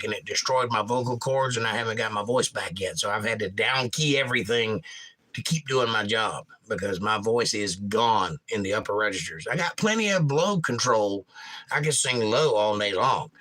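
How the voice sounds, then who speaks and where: A hoarse man hosts a relaxed livestream, drifting from topic to topic as he reads out viewers' comments. His voice has a bright, sharp edge even though its upper range is worn out. A guitar can be heard behind him. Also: lowish voice, moderate pace, rough recording. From Georgia, USA. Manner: folksy, rambling, reads comments aloud. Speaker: livestream host and pastor. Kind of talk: casual livestream chat reading viewer comments.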